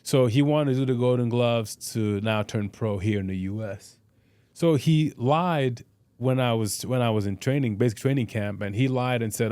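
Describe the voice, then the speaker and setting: A man's voice: medium pitch, normal speed, a little mellow, clean tone, dry recording. A middle-aged man, a guest on a podcast, telling boxing stories bluntly and profanely in casual interview talk, with lots of restarts and "you know". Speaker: podcast guest, boxer and fitness trainer.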